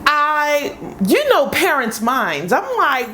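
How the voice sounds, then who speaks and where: A woman's voice: high voice, measured pace, hardly any pauses, background noise. A woman in her thirties telling an emotional personal story to her vlog audience, acting out what people said. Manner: emotional, animated, acts out quoted voices. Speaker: vlogger.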